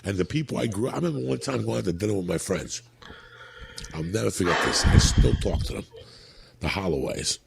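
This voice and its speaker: A comedian spins profane tales in a low, gravelly voice that keeps leaping up and down as he acts out each character. He talks in a loose podcast way, swearing freely. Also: animated, brisk, very noisy. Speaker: comedian telling stories on a podcast. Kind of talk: profane storytelling.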